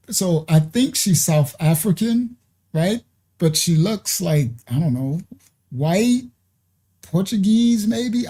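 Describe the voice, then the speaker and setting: Man, reaction host, very dark mellow tone, thinks out loud at viewers. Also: on the high side, slightly rough. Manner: musing aloud, asks viewers questions. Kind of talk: casual reaction commentary.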